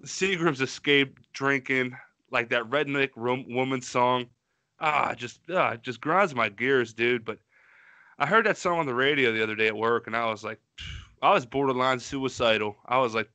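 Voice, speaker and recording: A man's voice: medium pitch, normal speed, bright, forceful tone, no room sound. A man co-hosting a podcast in casual chat, mocking songs with a profane, rambling manner. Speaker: podcast co-host.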